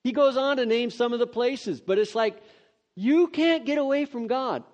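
A man preaching, reading scripture aloud and breaking off into earnest, excitable, conversational asides. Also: very high-pitched, moderate pace. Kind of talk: devotional scripture reading with commentary. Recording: dull lo-fi sound.

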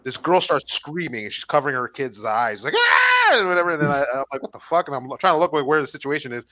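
A man telling animated, profanity-filled stories in casual chat. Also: medium pitch, fast, no room sound. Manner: animated storyteller, swears a lot.

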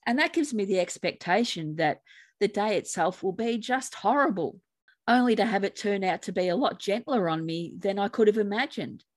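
A woman with an Australian accent co-hosting a grief podcast as a coach, speaking in a calm, measured way. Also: medium pitch. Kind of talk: podcast conversation.

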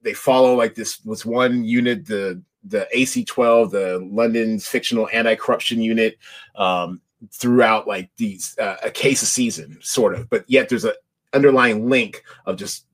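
A man's voice: lowish voice, fairly even intonation, normal speed. A man co-hosting a casual podcast chat about TV shows, talking in loose, rambling sentences full of restarts and fillers. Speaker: podcast host.

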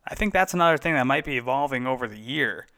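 Hosting a podcast, a man casually recaps bike races with chatty enthusiasm, now and then correcting himself. His medium-pitched voice is expressive and sharp, and he talks quickly.

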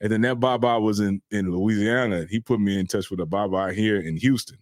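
A man's voice: fairly low pitch, fairly quick, no room sound, clean studio sound. A man, a guest telling loose, laughing anecdotes full of filler words. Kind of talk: casual storytelling.

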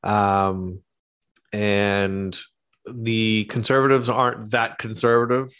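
A Canadian man, a pastor and theologian, talking thoughtfully as an interview guest, with many pauses and ums, over a video call. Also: fairly low pitch, flat delivery, a bit bright, smooth. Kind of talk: conversational interview.

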